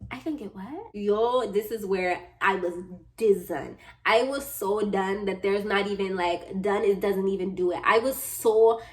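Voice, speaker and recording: A woman in her twenties telling a client story in a casual vlog, animated and expressive, with slang and quick asides. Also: medium pitch. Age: 20s. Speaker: social media manager telling a client story.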